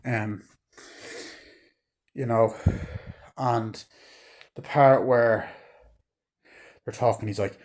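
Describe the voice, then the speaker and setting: A man's voice: medium pitch, steady tone, extremely slow, long pauses, darkish tone. A man casually reviewing a movie, rambling with lots of fillers and acting out lines from scenes.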